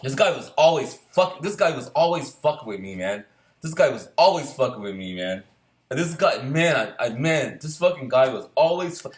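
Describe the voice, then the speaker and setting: A man casually telling a long, rambling story, swearing often and laughing between lines. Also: medium pitch. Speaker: storyteller recalling boot camp.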